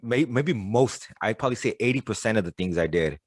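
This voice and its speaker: A man's voice: fairly low pitch, animated, fairly quick, breathy edge, no echo. A man hosting a podcast, talking candidly and bluntly with lots of cursing and stammered restarts. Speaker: podcast host. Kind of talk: casual interview conversation.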